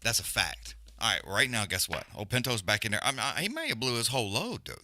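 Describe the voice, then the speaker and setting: A man's voice: on the low side, sing-song, fast talker, bright, forceful tone, no room sound, clean studio sound. A man hosting a livestream, giving casual, profane, rambling commentary on a fight and griping about stream glitches. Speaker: livestream host.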